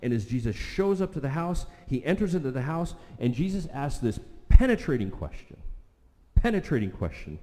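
A man preaching a sermon, retelling a scripture story with vivid asides, slowing down and dropping to a soft voice for emphasis. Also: mid-range voice, big pitch swings. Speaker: pastor. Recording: long reverb of a large hall.

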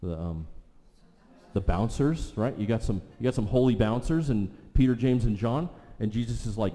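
Man, preacher, sermon, mellow low voice, expressive delivery, long hall reverb. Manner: expressive preaching, slowing and dropping soft for emphasis. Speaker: pastor.

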